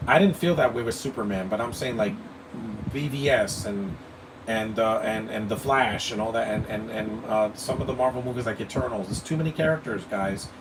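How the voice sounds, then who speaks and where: A man's voice: fairly low pitch, moderate pace. A man giving live movie commentary, blunt and opinionated, rambling and stammering over his words. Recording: distant mic with air-conditioning hum.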